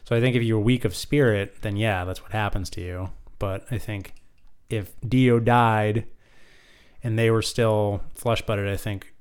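A man's voice: on the low side, steady tone, measured pace, darkish tone, clear, resonant tone. A man co-hosting a casual anime chat podcast, rambling with many restarts and fillers. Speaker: podcast co-host.

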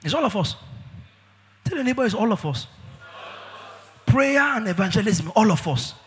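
A male pastor preaching with emphatic swings, bursting into shouts and stretching words slowly for weight. His voice sits high and rings bright, with a very animated pitch. It echoes with the long reverb of a church hall. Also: slight background noise. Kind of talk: sermon.

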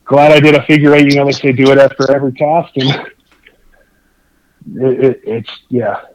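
A man telling a long fishing story in a casual, excitable, rambling way, over dull lo-fi remote audio. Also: mid-range voice, moderate pace, dry recording. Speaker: guest angler.

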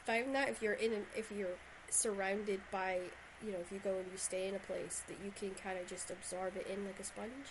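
A podcast host from Shetland, Scotland, speaks with a Scottish accent in a mid-range, steady voice, talking briskly with hardly any pauses as she rambles in long runs. It's a casual conversational interview, and the poor audio carries slight background noise.

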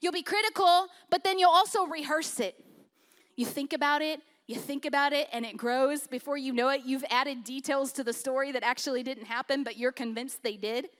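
High, bright-voiced woman pastor preaching. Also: brisk. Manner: conversational preaching with humor, swinging from loud to hushed. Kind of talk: sermon.

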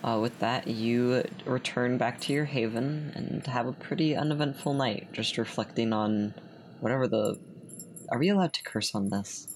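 A man narrating as game master of a tabletop game in a laid-back, quiet way. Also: medium pitch, moderate pace, slight background noise.

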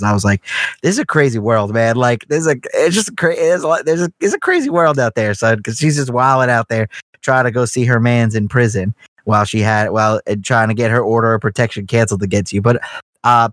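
A man's voice: mid-range voice, fairly quick, a bit bright, dry recording. Rambling, cursing New guy. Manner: profane, rambling storyteller. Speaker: podcast co-host. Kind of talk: casual chat.

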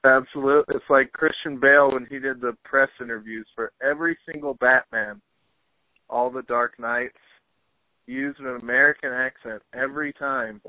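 A man's voice: medium pitch, fairly even intonation, normal speed, no echo. A man hosting a podcast, chatting casually with many fillers. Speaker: podcast host. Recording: dry, phone-like narrow sound.

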